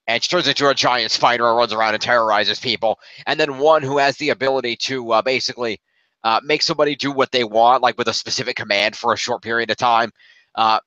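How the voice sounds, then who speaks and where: A man's voice: mid-range voice, sharp tone, dry recording. A man hosting a casual review podcast, recapping a story at length with lots of fillers. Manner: rambling plot recap with many fillers. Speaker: podcast host. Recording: dull lo-fi dry recording.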